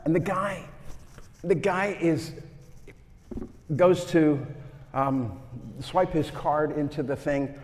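Animated preacher man in a reverberant hall. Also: on the high side, takes it slowly, long pauses, a little hiss or hum. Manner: animated, acts out quotes, swings from loud to hushed. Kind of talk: sermon with storytelling.

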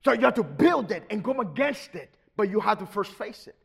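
A middle-aged man preaching a sermon, swinging between quiet, steady teaching and sudden loud, shouted bursts. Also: high-pitched, a little fast, vocal fry, slightly rough. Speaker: pastor.

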